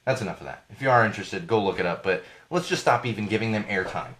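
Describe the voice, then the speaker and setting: A man hosting a live podcast, rambling and indignant in a casual rant, his voice going hoarse. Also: on the low side, fast, fairly bright tone. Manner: rambling, indignant, self-correcting. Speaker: podcast host.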